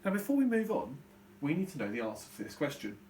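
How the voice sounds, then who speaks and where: A young British man teaching a recorded online lesson to young children, explaining step by step in a clear, patient way. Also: a little high, huge pitch swings, fast talker, darkish tone, a little hiss or hum. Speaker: primary school teacher.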